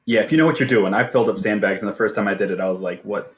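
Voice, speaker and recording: A man co-hosting a livestream, telling stories in a laughing, animated way. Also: fairly low pitch, racing. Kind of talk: casual chat.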